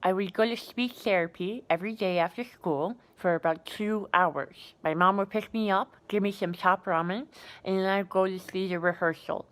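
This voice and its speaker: A woman's voice: medium pitch, normal speed, fairly bright tone, poor audio. A woman actor performing a sincere, reflective personal monologue.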